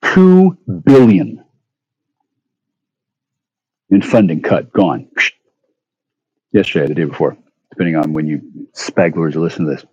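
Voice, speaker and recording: A man rambling profanely into his phone at home, stammering through restarts and breaking into sudden loud outbursts. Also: very deep voice, normal speed, long pauses, slightly rough, no echo, lo-fi sound. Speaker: vlogger. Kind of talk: rambling monologue rant.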